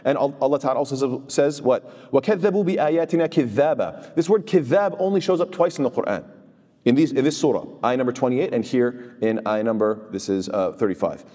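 A man's voice: mid-range voice, brisk, dark tone, long reverb tail. A man teaching a Quran commentary class in a conversational style. He keeps asking rhetorical questions and answering them himself, and he weaves recited Arabic verses into his English explanation. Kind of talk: conversational religious lecture.

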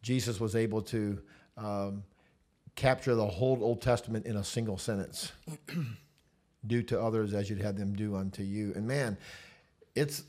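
A man, a pastor, chatting casually about his church, relaxed and laughing easily, with many fillers. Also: fairly low pitch, normal speed, pauses often. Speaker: senior pastor. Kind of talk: casual chat.

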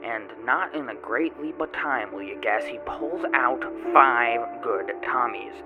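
A man's voice: mid-range voice, unhurried, phone-quality sound, close to an everyday voice. A man playing a rambling grubby tomato grower. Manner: rambling folksy storytelling with odd grammar. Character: grubby boastful male tomato grower, a drinker. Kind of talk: first-person character monologue. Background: music.

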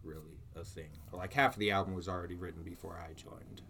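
A young man with a fairly low voice talks casually about his band, relaxed and chatty, leaning on easy filler phrases. A faint hiss of room noise sits underneath. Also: fast, gravelly. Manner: laid-back, chatty, says "for sure" a lot. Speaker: lead vocalist of a metal band. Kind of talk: casual interview chat.

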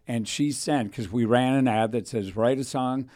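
A man spins a meandering story in easy conversation, slipping into the voices of the people he quotes. His voice sits at an ordinary middle pitch. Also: normal speed, a little mellow. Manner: rambling anecdotal, acts out quoted voices. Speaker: radio host. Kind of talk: casual storytelling chat.

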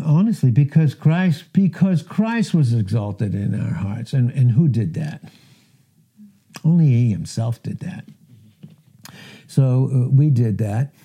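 A middle-aged male pastor delivers a sermon in a very dark, mellow voice with a husky edge. He talks earnestly and with emphasis, and his pitch climbs whenever he quotes a verse. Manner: earnest, emphatic, rises in pitch when quoting scripture.

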